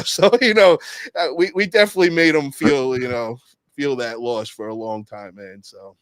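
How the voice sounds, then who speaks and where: A man in casual podcast chat, swearing freely and calling everyone bro. His voice sits in a middle register but leaps high when he acts out what others said. The sound is dry and close. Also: fairly quick, clear, resonant tone, dry recording. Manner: profane, animated, peppers speech with "bro". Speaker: guest telling stories.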